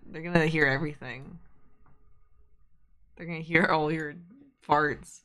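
A woman chatting casually on a live stream, speaking softly and barely projecting her voice. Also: steady tone, a little slow. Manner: soft-spoken, quiet, low projection. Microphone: desk mic on an arm.

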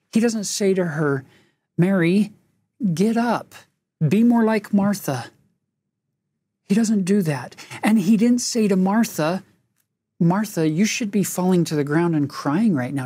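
A woman leads a scripture lesson in an unhurried, measured delivery, reading verses and pausing to pose questions. Her voice is mellow and a little husky, recorded close and dry. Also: fairly low pitch, dry recording. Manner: reads verses aloud and comments earnestly; asks listeners reflective questions. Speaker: scripture study host.

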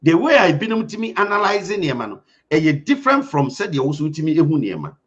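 Fired-up Ghanaian man, high lively voice. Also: fairly quick. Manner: urgent and emphatic, mixing Twi and English. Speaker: host. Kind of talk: impassioned commentary. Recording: dull lo-fi sound.

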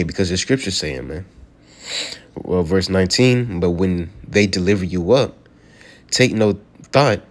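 A man teaching from scripture in a loose, conversational way, reading verses slowly and then explaining them, with "man" and "you know" at the ends of his lines. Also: low-pitched. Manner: slows to read scripture aloud, then explains it. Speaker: preacher.

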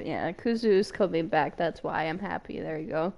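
An excitable young woman streams and chats casually with viewers, squealing and laughing a lot and swearing freely. Her voice is low and gravelly, at a moderate pace.

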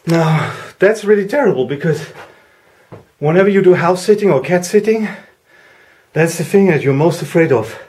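A man talking casually as he walks through a house, giving a vlog tour with a chatty, wry, deadpan humor. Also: a little high, husky. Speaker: vlogger house sitting.

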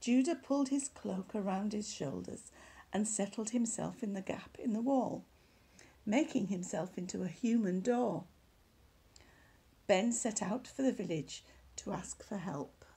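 A woman reading a children's story aloud at church, animated, dropping to hushed whispered asides. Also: mid-range voice, a little slow, vocal fry, breathy edge.

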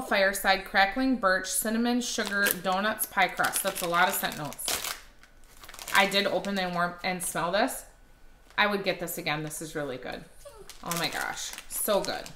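A woman's voice: echoey room, noisy background. A woman chatting enthusiastically to her viewers about her haul, gushing over what she likes. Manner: slips into a high baby-talk voice for her dog. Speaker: wax haul vlogger. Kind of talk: casual product haul chat.

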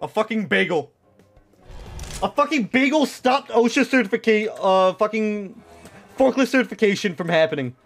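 A young man with a high, very lively voice that leaps up and down as he comments on his own live gameplay. He rambles, swears freely and leans on filler words, and faint music plays underneath him. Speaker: streamer.

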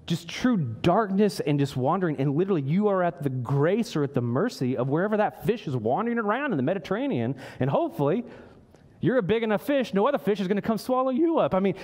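Guy preaching in church, earnest, pitch jumps up when he plays out prayers. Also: a little mellow. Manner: earnest, voice lifts high when acting out prayers. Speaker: pastor. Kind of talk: sermon.

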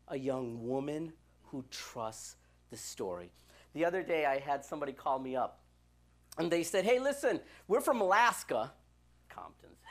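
A woman youth minister preaching a church sermon, telling stories and acting out the dialogue in them. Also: mid-range voice. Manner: animated storytelling, acts out quoted dialogue.

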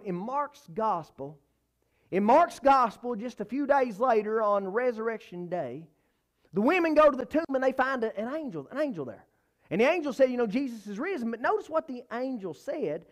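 Man preaching a lively, emphatic sermon. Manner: emphatic, repeats phrases, rises and falls in pitch and volume.

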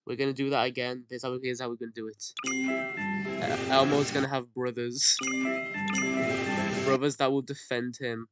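A woman giving excitable gameplay commentary, swearing and yelling at the game. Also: extremely low pitch, moderate pace, pauses often, loud music behind the voice. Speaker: gamer. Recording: loud background noise.

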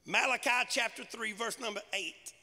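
A man's voice: extremely high pitch, moderate pace, pushed and bright, big-room sound. A male pastor preaching a sermon in a church, punchy and conversational, with casual everyday grammar. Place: large church sanctuary.

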